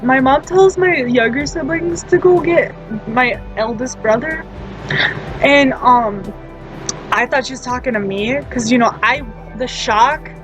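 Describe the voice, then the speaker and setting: A woman's voice: a little high, low-quality recording. A woman in her twenties rambling through a casual personal story, laughing often and poking fun at herself. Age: 20s. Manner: laughs often, self-deprecating. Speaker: storytime vlogger.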